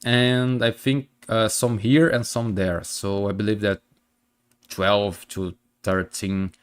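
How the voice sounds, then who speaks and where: A man's voice: fairly low pitch, flat delivery, slow, smooth. A man streaming casually, speaking English as a second language with a stuffy blocked nose, chatting to his viewers with many fillers and restarts. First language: not English.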